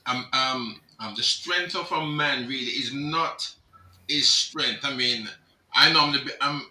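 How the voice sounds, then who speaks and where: A middle-aged man, a reverend, speaking as a panellist on a video call, reflective and halting. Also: mid-range voice, pushed and bright. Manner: reflective, halting, with restarts and a chuckle. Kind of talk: panel discussion. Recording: roomy, distant from the mic.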